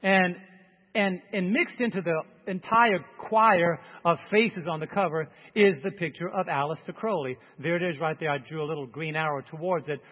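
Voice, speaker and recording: A man preaching emphatically, reading song lyrics aloud slowly to make his points. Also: fairly high pitch. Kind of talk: sermon. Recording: dull, long hall reverb.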